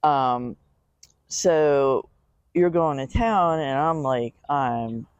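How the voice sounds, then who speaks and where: A woman's voice: very deep voice, very slow, clean tone, no echo, highs cut off. A woman co-hosting a podcast, talking candidly and hesitantly in casual chat. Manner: candid, hesitant, filler-heavy. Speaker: podcast co-host.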